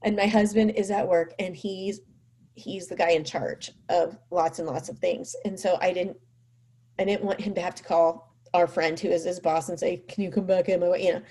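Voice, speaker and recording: A woman's voice: fairly low pitch, moderate pace. A mother telling a personal story in a casual way, full of "like" and "you know", acting out what people said. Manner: animated, acts out quoted speech; frequent fillers like "like" and "you know".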